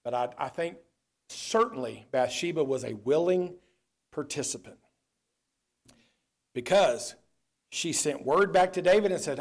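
Animated high-voiced preacher. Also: male voice, unhurried, pauses often. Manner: animated preaching, swings from loud to low. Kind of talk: sermon.

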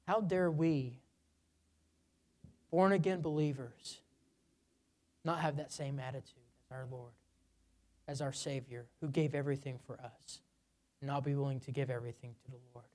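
A man gives a sermon, recounting a personal story and climbing to loud, emphatic peaks before sinking low and quiet. His tone stays steady at a moderate pace, with long pauses.

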